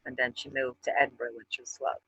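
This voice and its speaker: A woman's voice: extremely low pitch, level tone, fast, gravelly, fairly bright tone, husky, no room sound, dull audio. A woman from Ireland with a Dublin Irish accent, co-hosting a casual chat, swearing often and telling stories with animation. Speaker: co-host.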